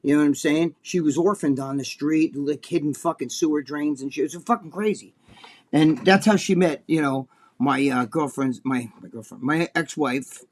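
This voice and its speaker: Profane, rambling man, slightly high voice. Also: moderate pace, a little mellow. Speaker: co-host. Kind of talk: casual chat.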